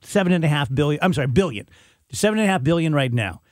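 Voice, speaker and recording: Jokey male host with a higher voice. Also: lively intonation, fast, dry recording, studio quality. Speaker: radio host. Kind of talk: casual talk radio chat.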